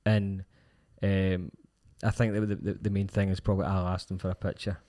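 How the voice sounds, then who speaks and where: A man's voice: sits low, level tone, normal speed, dark tone. A man with a Scottish accent co-hosting a podcast, telling rambling stories in casual chat. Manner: rambling, storytelling with restarts. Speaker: podcast co-host.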